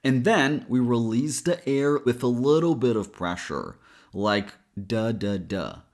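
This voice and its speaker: Male pronunciation coach, mid-pitched, plain and direct, breaks words down slowly. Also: animated, darkish tone. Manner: direct, explains sounds slowly and models them. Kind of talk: pronunciation lesson.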